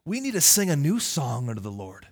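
A male pastor preaching a lively, conversational sermon, teasing his congregation. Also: on the high side, a little fast, husky.

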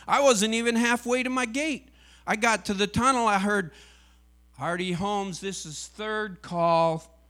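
Telling his faith story with feeling, this man, who drives for UPS and serves as a missionary, performs the dialogue of each person involved. His voice sits high and is a bit bright.

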